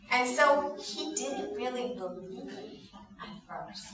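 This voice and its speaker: A woman in her fifties tells a Bible story to a group of children and keeps pausing to ask them questions. She is recorded from a distance in a very echoey room. The sound is dull, and there is noise behind her. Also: medium pitch, a crowd in the background. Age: 50s. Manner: animated, asks the children questions.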